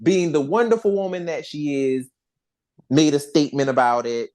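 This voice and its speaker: A podcast host in casual chat, talking in an animated, rambling way with frequent restarts and swearing. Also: medium pitch, moderate pace.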